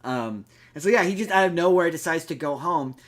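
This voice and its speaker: A young man on a podcast talks through a film's plot in a rambling, casual way. He stops and restarts often and leans on fillers. His voice sits a little high. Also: animated, brisk, a bit bright. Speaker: podcast co-host. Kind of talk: casual movie chat.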